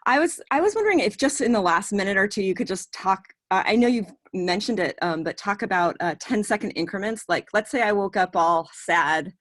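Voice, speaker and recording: A woman asks a question on a video call. Her voice is dry and close, and she speaks haltingly with plenty of fillers. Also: mid-range voice, lively intonation, dry recording. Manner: hesitant, full of fillers. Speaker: caller asking a question.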